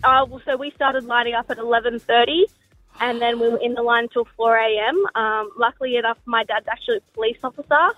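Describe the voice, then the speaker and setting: A woman's voice: fairly high pitch, fairly even intonation, brisk, soft background music. A young woman calling in to a podcast, telling her story hesitantly with many ums. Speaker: caller. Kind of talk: phone-in chat. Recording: tinny dry phone line.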